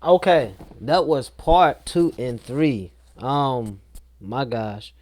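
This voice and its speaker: A man's voice: mid-range voice, animated, very slow, darkish tone. Male reaction host, casual and slangy. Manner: laid-back, slangy, chuckling asides.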